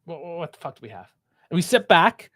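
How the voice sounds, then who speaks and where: Man, high-pitched voice, angry live fan commentary, lots of swearing, frustrated ranting. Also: big pitch swings, a little fast, a bit bright.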